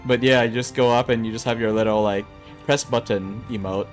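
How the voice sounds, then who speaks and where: A young man talks through an online game in a loose, rambling way, tossing out self-mocking jokes between quests. His voice sits at an ordinary middle pitch. Faint game music plays underneath. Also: steady tone, a little fast. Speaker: streamer playing an online game. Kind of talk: casual gameplay commentary.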